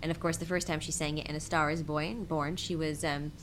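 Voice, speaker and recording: A woman impressionist with a husky voice, chatting animatedly as an interview guest and laughing often. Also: deep voice, level tone, brisk, noisy background. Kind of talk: casual interview chat.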